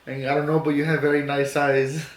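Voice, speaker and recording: A man with a fairly high, flat-toned voice cuts in with jokes and teasing comments. The room is echoey, with a faint hiss behind him. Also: fairly quick. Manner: joking interjections, teasing. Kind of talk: casual podcast chat.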